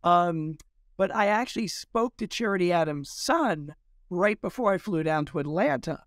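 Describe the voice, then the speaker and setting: A male historian telling lively anecdotes in an interview, acting out quoted dialogue as he goes. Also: sits high, moderate pace, no room sound, clean studio sound. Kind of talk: storytelling in an interview.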